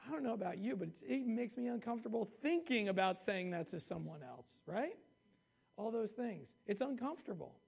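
A man's voice: high-pitched, animated, fairly quick, gravelly, darkish tone, slightly rough. A man preaching a sermon in a conversational way, reading scripture aloud and checking in with "okay?" and "right?". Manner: reads scripture aloud with rising emphasis.

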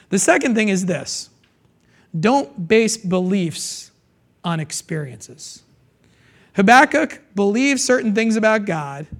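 A man with a notably high voice preaches to his congregation. He talks casually and jokes with the listeners, often checking in with "okay?" and slowing down to repeat the key lines. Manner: repeats key phrases, slows down for emphasis. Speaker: pastor. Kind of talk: sermon.

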